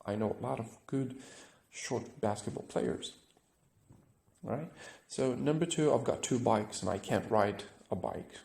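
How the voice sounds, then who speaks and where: A man's voice: medium pitch, lively intonation, measured pace, gravelly, a little mellow, echoey room. A man teaching an English grammar lesson, explaining step by step and often checking with "right?".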